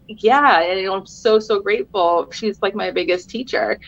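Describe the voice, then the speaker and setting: A woman's voice: mid-range voice, normal speed, vocal fry, few pauses, dry recording, dull audio. A middle-aged woman, a podcast guest, talking earnestly and encouragingly in casual conversation, laughing often.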